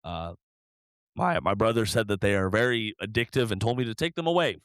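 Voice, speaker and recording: A laid-back man hosting a podcast, his voice a bit low and very smooth and clear. He eases along with plenty of fillers and small restarts. The recording is dry and close, with no room sound. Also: brisk, dry recording. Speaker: podcast host. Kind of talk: casual chat.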